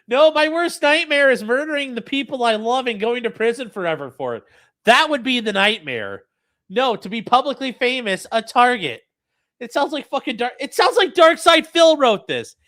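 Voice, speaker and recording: A man's voice: very high-pitched, sing-song, normal speed, sharp tone. A man hosting a livestream, reading from a statement and mocking it with profane, sneering commentary. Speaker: livestream host.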